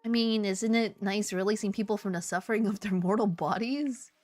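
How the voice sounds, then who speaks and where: A woman's voice: mid-range voice, a little fast, darkish tone, faint music behind. A woman streaming casually while she draws, playful and rambling, with theatrical outbursts. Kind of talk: casual live-stream chat while drawing.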